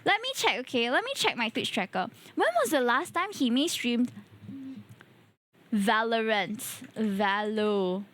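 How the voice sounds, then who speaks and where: A woman's voice: on the high side, a bit bright. A tired woman streamer, chatting playfully and addressing her chat. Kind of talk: casual live-stream chat.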